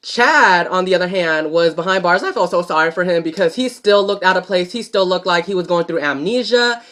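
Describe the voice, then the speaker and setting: A man recapping a soap opera episode in casual chat, animated and profane, talking straight to his viewers. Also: high-pitched.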